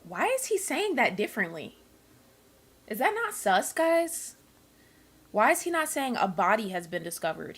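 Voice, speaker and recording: A woman's voice: mid-range voice, very animated, moderate pace, fairly bright tone, breathy edge. A young woman streamer commenting live on a game, ranting angrily and swearing at the characters. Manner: angry, profane, ranting at characters.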